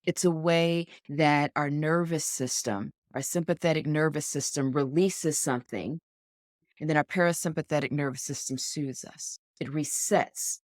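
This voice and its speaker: With a low, steady voice at a normal speed, this woman co-hosts a casual sports podcast recorded indoors, sounding sincere and supportive like a coach. The studio-quality audio has no room sound.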